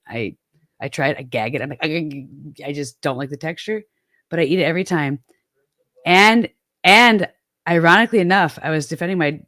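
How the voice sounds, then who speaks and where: In a dry, studio-quality recording, a middle-aged Midwestern American woman hosts a casual chat. Her voice is low and slightly bright, and she rambles self-deprecatingly, restarting often.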